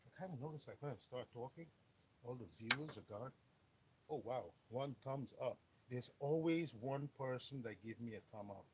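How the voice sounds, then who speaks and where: Blunt joking mechanic, mid-pitched man. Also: moderate pace, heavy background noise. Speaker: mechanic streamer. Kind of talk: live how-to stream, casual chat. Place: auto workshop.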